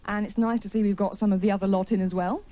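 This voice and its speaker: A woman's voice: medium pitch, fairly even intonation, quick pace, warm tone. A woman doing a wry, chatty stand-up comedy routine in a TV studio, with an audience laughing.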